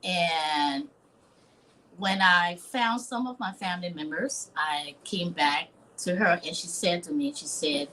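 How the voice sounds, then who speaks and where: A woman from Liberia in her fifties, appearing as a chef in a live interview, relates a personal story slowly in a lowish voice that sounds pushed and bright. Her manner is earnest and dramatic, with quoted voices acted out, and the rough recording has a little hiss or hum.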